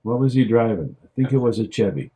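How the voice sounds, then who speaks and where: A man's voice: medium pitch, fast, slight background noise. Man co-host, swears a lot, spins stories with put-on voices, mid-range voice. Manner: animated storyteller who acts out quotes in mock voices. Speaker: co-host of a beer review show. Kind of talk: casual profane banter.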